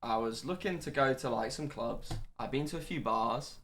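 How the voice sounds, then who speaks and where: A man's voice: mid-range voice, normal speed, fairly bright tone, slight background noise. A young man in his twenties, telling a long rambling story in casual chat with many restarts. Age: 20s.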